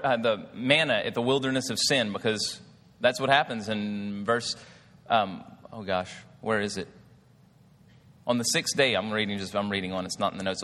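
A man's voice: lowish voice, fairly bright tone. Sounding man preaching in an echoey hall. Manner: conversational, asks the crowd questions, many "like" fillers. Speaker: pastor. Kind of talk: sermon.

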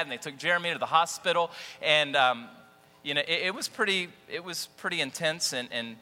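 A man preaching a sermon, telling personal stories in an animated, folksy, self-deprecating way. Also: mid-range voice. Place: church. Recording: echoey church hall with faint mains hum.

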